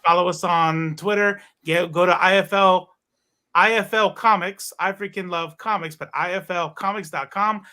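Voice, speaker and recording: A man's voice: sits high, bright, forceful tone. A man hosting a casual online comics chat in a loose, joking way. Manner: laid-back, joking. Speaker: podcast host.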